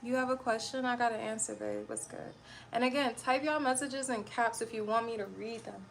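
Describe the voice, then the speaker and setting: Irritable young woman streamer with a gravelly voice. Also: fairly high pitch, expressive, fairly quick, a little hiss or hum. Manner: irritable, blunt, rambling. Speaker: livestreamer. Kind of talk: casual livestream chat.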